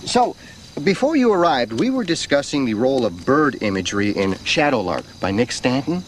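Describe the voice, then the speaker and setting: A man's voice: mid-range voice, big pitch swings, moderate pace, lightly acted. Casting: male actor as a group leader narrating dramatically, swooping delivery, faint background noise. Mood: theatrical. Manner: theatrical, scene-setting narration.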